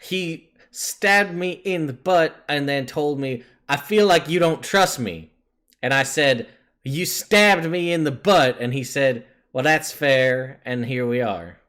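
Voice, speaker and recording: A man's voice: fairly high pitch, slow pace, a bit bright, pitched above the performer's own voice. A man voicing a wounded, exasperated woman adventurer who sarcastically recounts a grievance in a tabletop game. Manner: sarcastic, complaining retelling.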